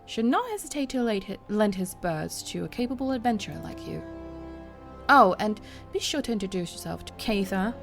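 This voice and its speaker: A woman reading a formal, courtly quest-giver in a measured way over game music. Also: medium pitch, very animated. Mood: courteous.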